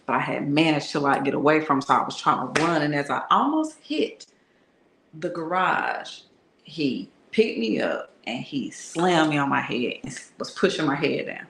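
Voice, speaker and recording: A woman's voice: low-pitched, very animated, moderate pace, creaky, a bit bright, slight background noise. A woman telling a candid personal story in a frank, slangy, conversational way that is broken up with laughter. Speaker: tarot reader and channel host. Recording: echoey room.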